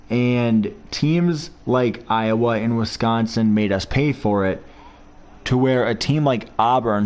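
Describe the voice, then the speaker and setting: A man's voice: medium pitch, darkish tone. A man giving casual, rambling commentary while playing a football video game, reminiscing about past seasons as he goes.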